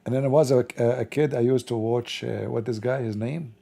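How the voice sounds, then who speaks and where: A man's voice: medium pitch, steady tone, a little fast, creaky, mellow. A middle-aged man hosting a livestream, shifting between casual chat and blunt, mocking preaching in broken grammar. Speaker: livestream host.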